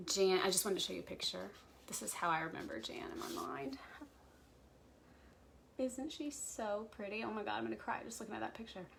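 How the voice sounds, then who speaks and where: A woman with a fairly low voice talks casually to a livestream audience. She is reflective and halting, full of ums and restarts as she remembers someone close to her. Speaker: pastor hosting a livestream chat.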